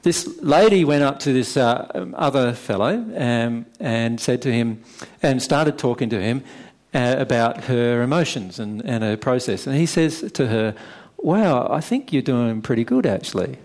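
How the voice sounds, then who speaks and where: A man explaining ideas in conversation, stressing key points and slowing down for emphasis. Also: mid-range voice, darkish tone. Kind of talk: conversational teaching.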